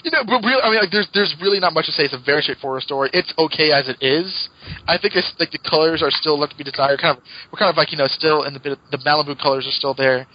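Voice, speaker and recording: Guy on a comics podcast, chatty, laughs a lot, kinda higher voice, dull lo-fi audio. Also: very fast, no room sound. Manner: chatty, laughs often, retells plots. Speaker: podcast co-host. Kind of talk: casual comic book podcast chat.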